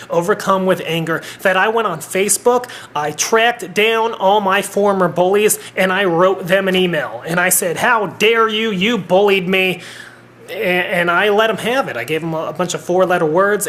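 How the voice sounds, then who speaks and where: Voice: medium pitch, normal speed, hardly any pauses, fairly bright tone. A vlogger in their thirties talking straight to a home camera in an earnest, rambling way, with blunt swearing. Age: 30s. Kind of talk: personal vlog monologue.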